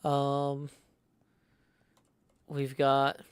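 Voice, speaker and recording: A man's voice: mid-range voice, completely flat delivery, extremely slow, smooth, dry recording. A man hosting a live stream, chatting playfully, thinking aloud and reading out viewer messages. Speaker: streamer host.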